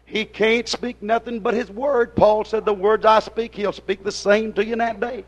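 A man preaching a fiery sermon to his congregation in folksy dialect grammar, hollering at them and then dropping to a hushed plea. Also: high voice, flat delivery, moderate pace, highs cut off.

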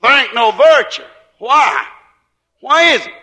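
A man preaching. His tone is bright and forceful, and he tells the story in a folksy way, pushing up to shouts. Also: very high-pitched, big pitch swings, measured pace. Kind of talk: sermon.

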